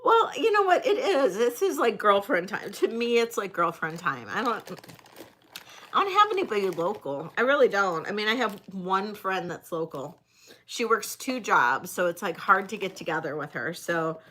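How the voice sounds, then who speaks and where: Slow, bright-voiced woman selling jewelry live. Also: medium pitch, a little hiss or hum. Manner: chatty, effusive and gushing; describes items slowly in detail. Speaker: live-sale jewelry seller. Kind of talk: livestream sales chat.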